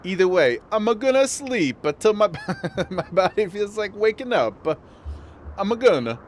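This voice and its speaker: A man's voice: sits high, big pitch swings, normal speed, a little hiss or hum, voice pushed up. A man putting on a jokey Italian-accented voice, bouncy and comic. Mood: playful.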